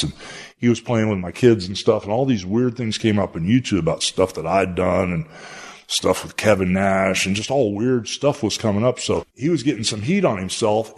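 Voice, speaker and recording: A man's voice: on the low side, a little mellow. An older man, a podcast guest, telling a long story in a rambling, folksy way with many fillers.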